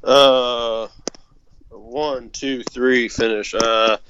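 A man's voice: medium pitch, steady tone, extremely slow, noisy background. Laid-back St. guy, muffled mic. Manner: loose and profane, lots of fillers. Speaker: podcast co-host. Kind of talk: casual chat.

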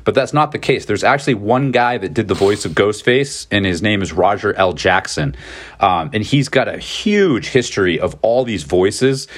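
A deep-voiced podcast co-host talks about films in a casual discussion, animated and at a moderate pace. He rambles, using many fillers and restarts.

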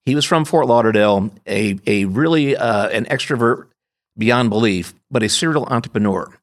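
A man's voice: mid-range voice, lively intonation, moderate pace. A man in his fifties from upstate New York, a podcast guest telling long personal anecdotes with frequent restarts. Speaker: guest, company founder. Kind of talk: conversational interview storytelling.

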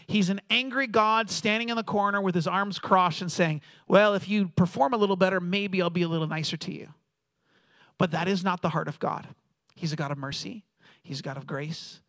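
High-voiced man preaching a sermon. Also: no room sound. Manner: storytelling, animated, acts out quoted voices. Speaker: pastor.

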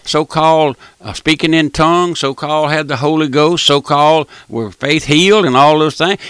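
An older man preaching a folksy broadcast sermon, repeating his points and calling the listener "my friend", with emphatic, drawn-out stressed phrases. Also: fairly high pitch, bright, forceful tone, clear, resonant tone, no room sound. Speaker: radio preacher.

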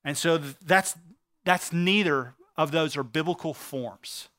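Male pastor, high bright voice, crisp and clear, earnest sermon delivery with emphatic slow phrases.

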